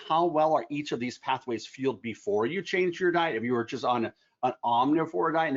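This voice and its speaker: Male lecturer, 50s, mid-pitched, enthusiastic clinical explainer, slightly lo-fi recording. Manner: explanatory, enthusiastic, folksy asides. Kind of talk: medical presentation with slides. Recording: slightly dull lo-fi sound.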